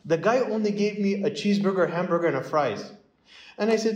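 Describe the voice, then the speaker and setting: High-pitched and fast, a priest delivers a storytelling sermon, lively as he performs the dialogue of each character. It's a low-quality recording made in an echoey room.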